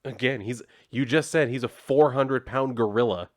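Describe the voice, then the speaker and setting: Comic reviewer, sarcastic, swears freely, rambles through the recap, mid-pitched male voice, dry close sound. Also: normal speed, dry recording. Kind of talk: casual recap.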